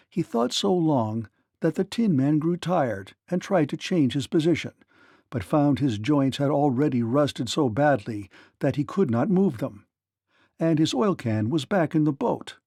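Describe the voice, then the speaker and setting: Male narrator for a kids' read-along, gravelly and lively, dry close recording. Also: a little high, a little slow, dry recording. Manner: animated storytelling. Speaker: storyteller.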